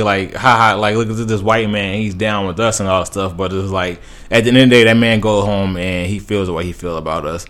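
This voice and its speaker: A man giving casual, rambling opinion commentary as a podcast host, with many fillers and restarts. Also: lowish voice.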